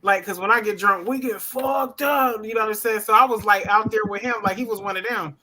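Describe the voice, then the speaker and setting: A woman's voice: mid-range voice, fairly even intonation, fast, bright, forceful tone. A woman on a podcast, casually and chattily telling a personal anecdote. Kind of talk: casual chat.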